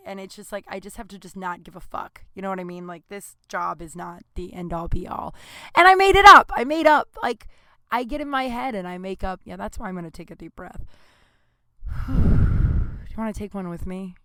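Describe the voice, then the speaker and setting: A woman's voice: lowish voice, vocal fry, fairly bright tone, dry recording, clean studio sound. A woman in her thirties hosting a solo podcast, rambling candidly with lots of fillers, swearing and self-deprecating asides. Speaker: podcast host. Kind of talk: casual solo podcast monologue.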